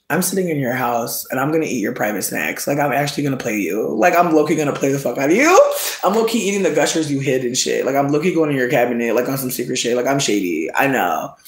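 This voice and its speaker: A man hosting solo, telling a casual comedic rant in slangy, profane, animated storytelling. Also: mid-range voice. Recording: roomy echo.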